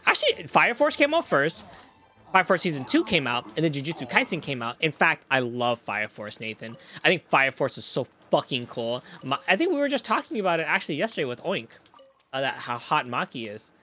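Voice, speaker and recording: Animated man rambling on a stream. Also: fairly high pitch, a little fast, a little hiss or hum. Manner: rambling, profane, reacting to chat mid-story. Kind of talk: casual live-stream chat.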